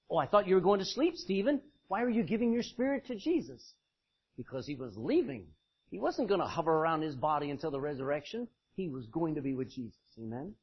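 A male preacher with a husky, breathy edge delivers an emphatic, lively sermon, his pitch swinging up and down as he drives each point home. He calls on members of the congregation by name to read passages aloud. The recording is dull and lo-fi. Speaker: preacher teaching a Bible study. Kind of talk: interactive sermon.

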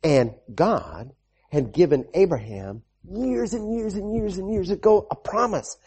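A man preaching a children's sermon, telling a Bible story in an animated way, repeating lines and calling out amens. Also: sits high, unhurried, breathy edge. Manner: animated, repetitive, with call-and-response amens.

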